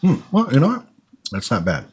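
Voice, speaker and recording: A man's voice: mid-range voice, wildly swooping pitch, fairly quick, slightly rough. A man co-hosting a podcast, casually tasting snacks and describing the flavors step by step in a musing way. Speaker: podcast co-host.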